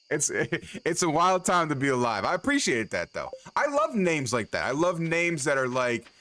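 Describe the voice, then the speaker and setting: Animated, bright-voiced streamer man from New York. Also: on the high side. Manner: profane, playful, hype banter with chat. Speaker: livestreamer. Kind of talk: casual live-stream chat while gaming.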